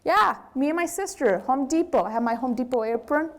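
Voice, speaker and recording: A woman with a Brazilian accent, a business owner giving a candid, animated lecture to students. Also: high-pitched, a little fast. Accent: Brazilian Portuguese. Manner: animated, candid storytelling with acted quotes.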